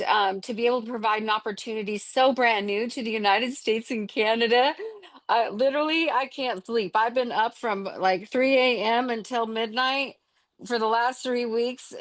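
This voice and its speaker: Gushing, excited middle-aged woman. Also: on the high side, dry recording. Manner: gushing, enthusiastic, fast-talking. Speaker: distributor sharing her success. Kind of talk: excited testimonial on a video call. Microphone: video call.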